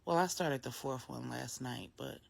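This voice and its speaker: A woman voicing a grown mother opening up to her best friend, earnest and searching. She sounds low and warm, talking it through in a plain, conversational way rather than a showy one. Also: normal speed, creaky, heavily acted. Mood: reflective.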